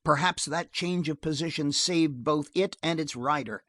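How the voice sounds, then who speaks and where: A man reading a western novel aloud as an audiobook narrator, steady and measured. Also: fairly high pitch, dry recording.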